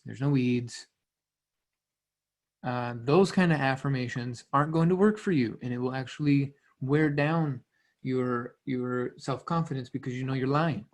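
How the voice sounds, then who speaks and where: A man coaching a listener in a loose, conversational way, often repeating phrases and restarting sentences. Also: medium pitch. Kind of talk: casual motivational teaching.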